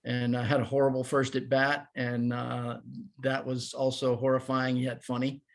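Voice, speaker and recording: A man in his fifties, a former baseball player, telling animated, self-deprecating stories as a podcast guest. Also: medium pitch, moderate pace. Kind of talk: casual storytelling.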